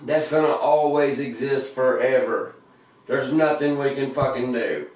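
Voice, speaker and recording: A man's voice: mid-range voice, measured pace, a little mellow. Profane, laid-back man in an echoey room. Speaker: musician explaining his lyrics. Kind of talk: casual interview talk. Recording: very echoey room, distant mic.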